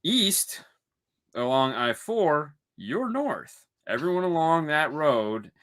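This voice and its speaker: Co-host: man from Michigan, bright animated voice, rambling and joking. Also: a little high, slow. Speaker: podcast co-host. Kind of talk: casual chat.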